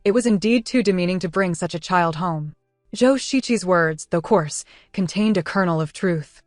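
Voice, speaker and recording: A woman giving smooth, even scripted narration of a story. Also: fairly low pitch, moderate pace, dry recording. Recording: dry close studio voice with faint music. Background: faint music.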